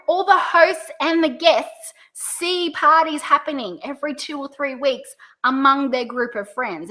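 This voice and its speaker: Bright high-voiced Australian woman coaching. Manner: upbeat, coaching, exaggerates rising and falling pitch. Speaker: direct sales coach. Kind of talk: video tutorial.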